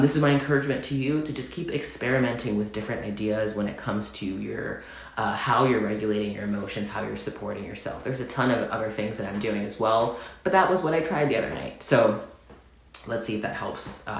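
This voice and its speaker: A man in a confessional, casual vlog, speaking gently and heartfelt, rambling with many fillers. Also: fairly low pitch, creaky. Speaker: vlogger. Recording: very echoey room.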